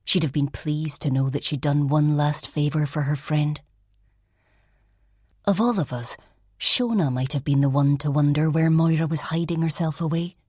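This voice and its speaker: A woman with a low, husky voice reads a first-person mystery audiobook at normal speed in a steady tone. Soft and reflective, she often sinks almost to a whisper, recorded dry and close-miked with no room sound.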